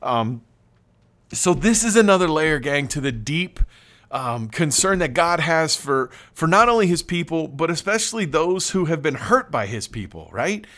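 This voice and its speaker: Animated man retelling a Bible story. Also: on the high side, moderate pace. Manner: conversational, animated, calls listeners "gang". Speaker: pastor.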